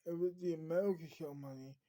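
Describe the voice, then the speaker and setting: A woman's voice: sits low, fairly even intonation, fast talker, mellow, lightly acted, low-quality recording. A woman voicing a young woman buying her first car, rambling and repeating herself. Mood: matter-of-fact.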